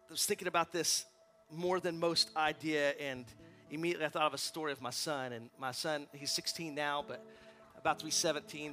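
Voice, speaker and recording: Male guest pastor, forties, high bright voice, impassioned, stammers at times. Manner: impassioned preaching, builds to loud peaks; stammers on repeated words. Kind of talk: sermon.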